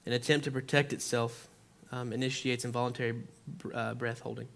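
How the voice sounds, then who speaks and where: A man's voice: medium pitch, level tone, brisk, vocal fry, fairly bright tone. A young man giving an informal sermon, telling a personal story in a conversational way, full of "like" and acted-out reactions. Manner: conversational, lots of "like", acts out his own reactions. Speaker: preacher. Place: church.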